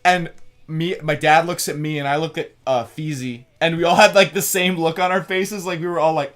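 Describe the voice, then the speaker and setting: A man's voice: a little high, normal speed, fairly bright tone. Young guy telling crude stories. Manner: laughing, crude storytelling with swearing. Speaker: podcast co-host. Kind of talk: casual podcast chat.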